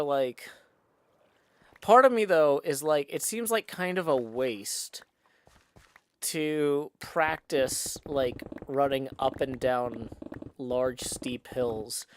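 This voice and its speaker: A man's voice: mid-range voice, a little hiss or hum. A middle-aged man, chatting casually on a live stream in his apartment, rambling and self-mocking as he reads chat aloud into a desk mic. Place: apartment room. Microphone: desk microphone.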